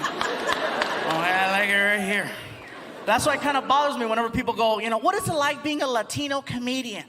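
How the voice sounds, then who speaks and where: A man performing an animated stand-up comedy set, slipping into voices, before a live audience. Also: high-pitched, moderate pace. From United States. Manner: animated, acts out voices and crowd-work asides. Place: large theater stage before a live audience. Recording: reverberant hall with loud crowd. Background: audience laughter and crowd noise.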